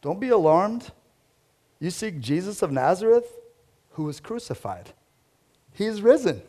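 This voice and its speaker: An angel who speaks with easy, unhurried calm, as a man puts him on. The voice sits a little high and drawls gently, more chilled-out than solemn, like a relaxed figure from a storybook sermon. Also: heavily acted. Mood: laid-back. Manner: laid-back, unhurried. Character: calm male angel at an empty tomb. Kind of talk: scripture reading with a put-on voice.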